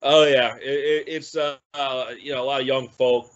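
A man's voice: medium pitch, normal speed. Easygoing man from New Jersey, muffled audio. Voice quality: easygoing, relaxed talk with frequent fillers. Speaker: podcast guest. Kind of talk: casual podcast chat. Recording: dull lo-fi audio.

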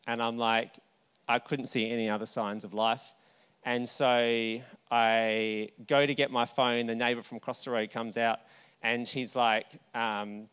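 Smooth-voiced Australian pastor telling a story. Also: male voice, mid-range voice, a bit bright. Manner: conversational, anecdotal, with asides and restarts. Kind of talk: storytelling sermon.

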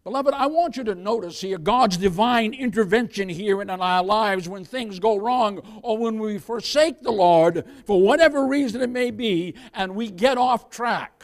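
A male pastor preaching with a high, ringing voice. He calls the congregation "beloved," asks for amens and draws out key words slowly for weight. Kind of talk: sermon.

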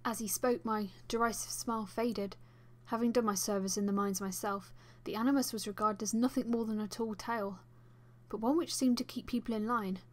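A woman reading a first-person fan audiobook as its narrator, with expressive delivery. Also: a little high, fairly quick.

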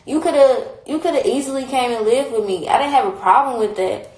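A woman's voice: on the high side, a little fast, a little mellow, reverberant, poor audio. A young woman on a phone live stream, talking in a heated, blunt and repetitive way, with frequent swearing. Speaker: livestreamer. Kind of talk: casual livestream rant.

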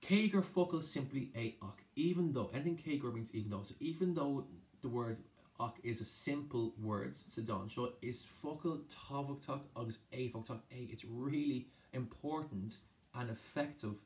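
A man's voice: medium pitch, moderate pace, darkish tone. A man with an Irish accent teaching an exam-prep lesson, explaining a poem line by line, switching between Irish and English with frequent restarts.

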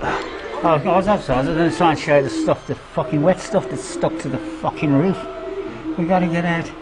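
A man's voice: fairly high pitch, brisk, loud music behind the voice, a loud crowd, rough recording. An older man giving a rambling, swear-filled walk-through of his half-stripped cottage loft, often losing his words. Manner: swears constantly, forgetful, gropes for words. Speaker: vlogger renovating his cottage. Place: inside a derelict cottage loft.

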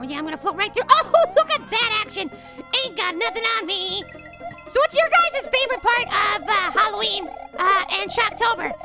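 A man voicing a tiny, cocky male cartoon apple with a sped-up, pitched-up voice, giving brash, giggly game commentary. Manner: brash, giggly, trash-talking. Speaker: gameplay commentator. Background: game music.

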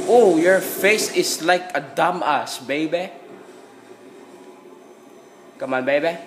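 A man giving excited gameplay commentary, repeating exclamations and talking to the screen. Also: on the high side, slow, pauses often, over music. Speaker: gamer.

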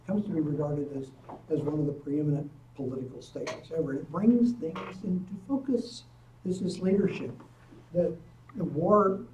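A man, a professor, giving a history lecture to a college audience. He tells the story in a lively way and breaks in with offhand asides. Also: a little high, highs cut off. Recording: echoey room, distant mic, faint noise.

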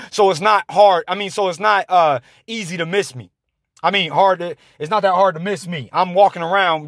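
A man delivering an angry, confrontational rant to his viewers, halting often on fillers. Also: sits high, a bit bright, no echo, clean studio sound. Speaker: vlogger.

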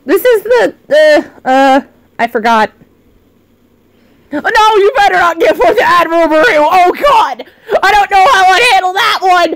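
A woman streamer chatting live over a game, excitable and shrieking, her voice often cracking. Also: extremely high pitch, measured pace, no room sound. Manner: excitable, shrieking, swearing at chat. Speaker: virtual streamer. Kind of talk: live gaming stream chat.

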